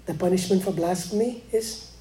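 A man preaching a sermon, dropping to hushed, slow lines and rising again for emphasis. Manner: preaching, swings between hushed lows and emphatic rises. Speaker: pastor.

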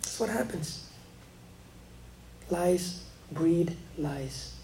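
A man preaching a sermon, dropping to hushed, slow lines and rising again for emphasis. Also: expressive, gravelly, a little hiss or hum. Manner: preaching, swings between hushed lows and emphatic rises. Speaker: pastor.

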